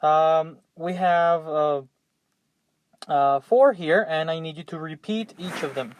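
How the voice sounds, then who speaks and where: Man, patient English teacher, repeats words three times, very slow, dry sound. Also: on the high side, no room sound. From Mexico. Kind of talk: classroom vocabulary drill.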